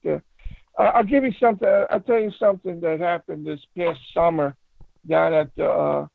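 A man telling a paranormal story in a casual phone interview, rambling and halting with many restarts. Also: fairly high pitch, no echo. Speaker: paranormal investigator guest. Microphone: phone call. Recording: tinny phone line, fry.

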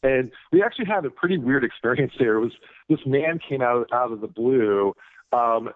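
A man who is a guest author talks casually, rambling with many fillers and restarts. His voice is mid-pitched. It comes through thin, phone-like radio audio with no room sound. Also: animated, moderate pace, dry recording. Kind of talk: casual interview talk.

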